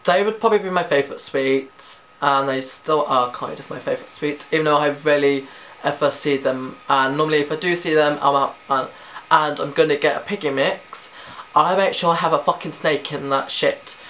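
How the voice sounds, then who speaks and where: A teenage man chatting casually through a tag questionnaire, rambling and quick to giggle. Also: on the high side, fairly even intonation, a bit bright, slight background noise. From Britain. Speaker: vlogger.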